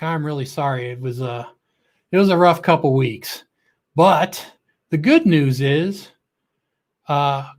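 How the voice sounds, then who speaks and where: Chatty middle-aged man hosting a livestream. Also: a little high. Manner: chatty, calls out viewers' names with a lift; joking and goofy. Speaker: livestream host. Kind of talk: casual livestream chat.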